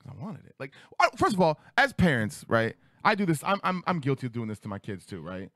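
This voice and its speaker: A man in his thirties telling a childhood story on a radio talk show, acting out voices with big jumps in pitch. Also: fairly quick, no room sound, clean studio sound. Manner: animated, acts out quotes with big pitch jumps. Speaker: podcast host. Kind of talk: casual storytelling. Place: studio.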